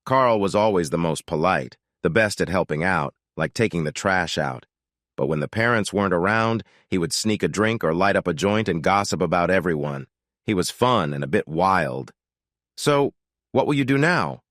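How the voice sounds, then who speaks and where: A man narrating a first-person story in a steady, scripted way. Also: low voice, moderate pace, dry recording, studio quality.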